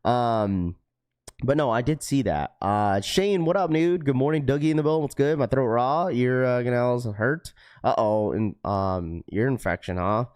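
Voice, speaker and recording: A man's voice: medium pitch, lively intonation, moderate pace, darkish tone, smooth. A man hosting a casual livestream, greeting viewers by name. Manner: laid-back, many fillers, greets viewers by name. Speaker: livestream host.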